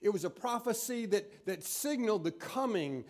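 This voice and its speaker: A man preaching a sermon, reading scripture aloud and retelling it with expressive storytelling. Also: high voice, normal speed.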